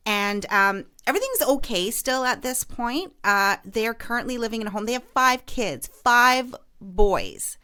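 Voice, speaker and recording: A woman's voice: on the high side, very animated, moderate pace, hardly any pauses, sharp tone, clear, resonant tone. A woman podcast host and realtor telling a story in casual chat, full of fillers and restarts. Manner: chatty, lots of fillers and restarts.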